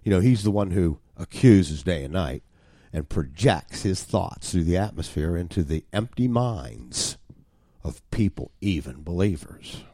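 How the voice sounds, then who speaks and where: A deep-voiced male preacher delivers an expository sermon with a wide, animated pitch range, leaping up for emphasis and sinking low. His tone is emphatic with a dry wry humor, recorded close in a dead, echo-free room. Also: a little slow. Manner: emphatic, with sudden jumps in emphasis.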